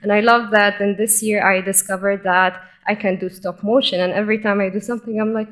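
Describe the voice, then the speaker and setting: A young woman tells her story on a conference stage. She speaks in an informal way with open enthusiasm. Her voice sits at an ordinary middle pitch for a woman. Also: fairly even intonation, fairly quick, hardly any pauses, a bit bright. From Egypt. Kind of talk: personal conference talk.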